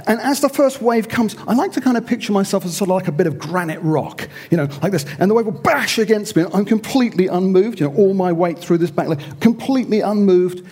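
Man, middle-aged, higher voice, theatrical, self-mocking, sermon-style storytelling. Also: fast talker, hardly any pauses, a little mellow. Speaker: speaker.

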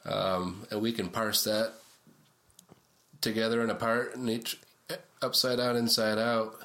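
A man co-hosting a casual sports talk show, his voice low-pitched with a bright, forceful edge. He breaks down the game in a chatty, analytical, easygoing way. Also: flat delivery, unhurried. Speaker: sports podcast co-host.

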